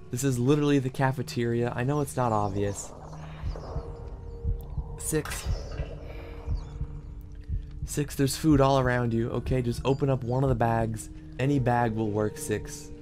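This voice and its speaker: A man's voice: mid-range voice, a little mellow. A man commenting casually on a game as he plays, joking and talking to the character on screen. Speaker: gaming channel host. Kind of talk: casual let's-play commentary. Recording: game music playing behind.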